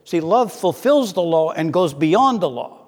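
A man's voice: on the high side, sing-song, slightly rough. Preacher man in a reverberant hall. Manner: earnest, slows down to read scripture aloud. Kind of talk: sermon.

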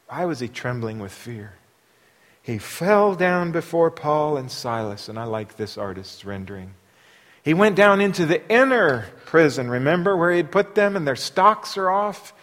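A man preaching a sermon, asking his listeners rhetorical questions and moving between quiet asides and loud, emphatic passages. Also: on the high side, very animated, normal speed. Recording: long hall reverb.

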